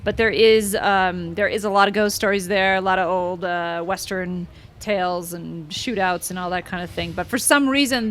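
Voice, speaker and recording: A woman hosting a podcast in casual chat, rambling and excitable with many fillers. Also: mid-range voice. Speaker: podcast host.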